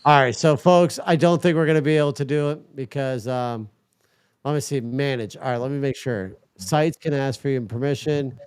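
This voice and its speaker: A man's voice: mid-range voice, moderate pace, a little mellow, smooth, no room sound. Man muttering through tech trouble on stream. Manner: muttering while troubleshooting, swears in frustration. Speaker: livestream host. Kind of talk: casual livestream chat.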